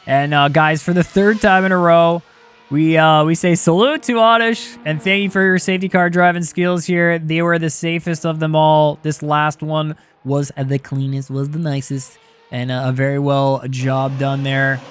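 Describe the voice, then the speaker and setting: A young man commentating a sim racing league race live, excitable and quick to shout at close battles. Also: fairly high pitch, clear, resonant tone, faint music behind.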